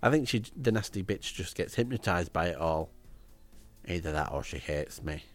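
Deadpan low man, lively delivery. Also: normal speed, faint music behind. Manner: deadpan, crude asides. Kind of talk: comic diary reading.

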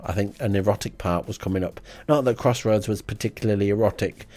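Deadpan rambling Englishman, low voice. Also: quick pace. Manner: deadpan and rambling, with frequent ums. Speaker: comedy podcast host. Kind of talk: comic diary monologue.

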